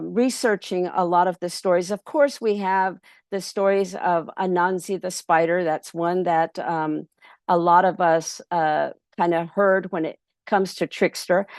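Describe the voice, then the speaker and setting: Gravelly-voiced woman telling a folk tale. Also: on the low side, unhurried, no room sound, studio quality. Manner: relaxed, many ums and restarts. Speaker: storyteller. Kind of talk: oral folk storytelling. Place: festival workshop.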